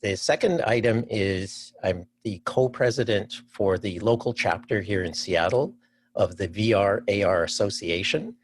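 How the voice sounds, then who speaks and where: A man's voice: on the low side, a little slow, slight background noise. A man from Canada chatting as a podcast guest, enthusiastic and thinking aloud before he answers. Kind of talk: casual interview chat.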